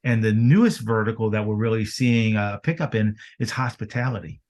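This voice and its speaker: A man talking business as a podcast guest, energetic and fond of rhetorical questions. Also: on the low side, brisk. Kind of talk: casual business chat.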